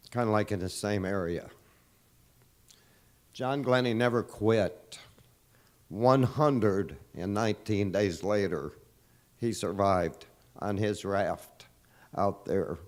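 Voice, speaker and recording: A man's voice: lowish voice, a little mellow. A man, leader of a volunteer search group, giving an earnest, emotional statement at a press conference. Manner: earnest, emotional, insistent and repetitive.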